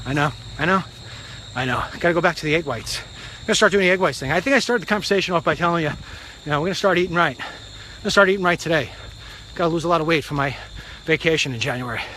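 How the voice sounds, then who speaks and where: A man's voice: a little high, quick pace, bright, forceful tone, slight background noise. A middle-aged man hosting a live political talk stream while walking outdoors in the rain, talking bluntly in rambling, jokey asides into a phone.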